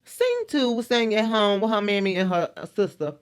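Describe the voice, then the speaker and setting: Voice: mid-range voice, wildly swooping pitch, normal speed, smooth. A reality TV recap co-host who talks in a mid-range voice and cuts in with sassy, blunt quips. Faint music sits underneath. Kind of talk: casual gossip commentary.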